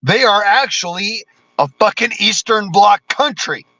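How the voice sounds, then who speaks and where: A high-pitched American man with a bright, forceful voice, ranting about politics with nonstop cursing. His delivery is blunt and combative. The sound is dry and close, with no room around it. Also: lively intonation, a little slow, dry recording, lo-fi sound. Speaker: vlogger. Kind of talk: profane political rant.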